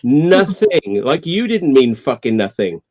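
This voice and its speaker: A man's voice: mid-range voice, big pitch swings, unhurried, darkish tone. A man and urban explorer ranting and swearing in a casual live-stream chat.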